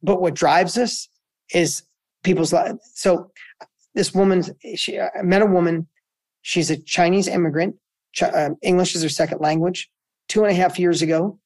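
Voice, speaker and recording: A middle-aged man, a guest entrepreneur, telling a story in a conversational interview, energetic and full of restarts and repeats. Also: high voice, moderate pace.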